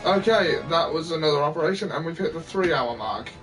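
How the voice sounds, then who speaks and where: Man, let's play host, casual wry chat, high voice, faint game music. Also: expressive, brisk, a bit bright, low-quality recording. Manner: wry, jokey.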